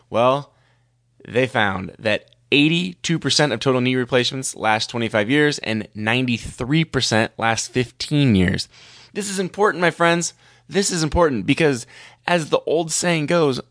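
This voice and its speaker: A man's voice: medium pitch, fairly bright tone, no room sound, studio quality. Playful man lecturing on medicine. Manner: playful and theatrical, with dramatic asides. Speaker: medical educator.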